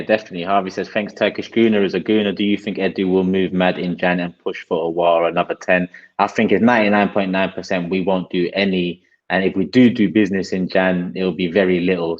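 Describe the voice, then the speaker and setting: Laid-back London man, low dull audio. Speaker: host. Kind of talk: casual football chat.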